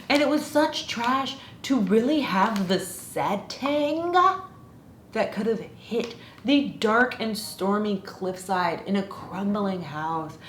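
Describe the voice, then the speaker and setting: Slow-talking sarcastic woman in a roomy space. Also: mid-range voice. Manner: sarcastic, exasperated ranting. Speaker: book reviewer. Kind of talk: casual ranting book review. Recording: roomy echo with faint noise.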